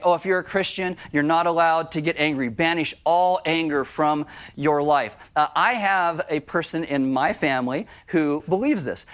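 Conversational preacher man, slightly high voice. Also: fairly bright tone. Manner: conversational preaching with acted-out asides. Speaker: pastor. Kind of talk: sermon.

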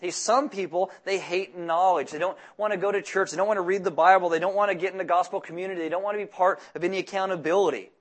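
A man's voice: high voice, steady tone, quick pace, few pauses. Joking, conversational man preaching a sermon. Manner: conversational, joking asides between scripture readings. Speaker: pastor.

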